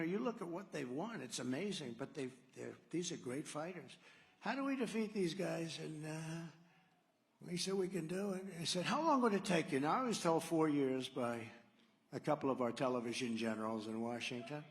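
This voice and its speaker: A man's voice: fairly high pitch, expressive, normal speed. A man giving a rambling, sarcastic campaign rally speech, telling stories and acting out quotes. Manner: digressive, sarcastic, acts out quotes. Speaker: political candidate at a campaign rally. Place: large rally venue. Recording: echoey hall reverb.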